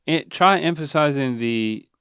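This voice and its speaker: A man's voice: fairly high pitch, lively intonation, unhurried, a bit bright, smooth, dry recording, clean studio sound. A man hosting a casual chat in a playful, teasing, coaching manner. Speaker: podcast host, the son.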